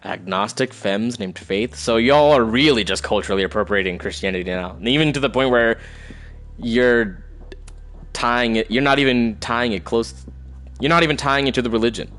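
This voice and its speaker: A man's voice: mid-range voice, normal speed, fairly bright tone. A man doing casual live commentary on a game playthrough, reading in-game messages aloud and adding slangy quips. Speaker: streamer.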